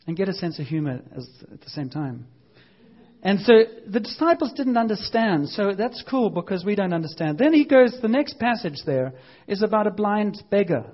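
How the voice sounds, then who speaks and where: Guy preaching, high voice, chatty and animated, bit muffled sound. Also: normal speed. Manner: animated, conversational, acts out voices and shouts. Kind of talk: lively sermon.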